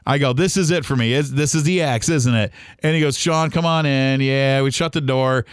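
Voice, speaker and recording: A man's voice: mid-range voice, moderate pace, smooth, dry recording, clean studio sound. A man hosting his own podcast, telling a personal story casually with many fillers and acted-out bits of dialogue. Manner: conversational, lots of fillers, acts out quoted dialogue. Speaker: podcast host.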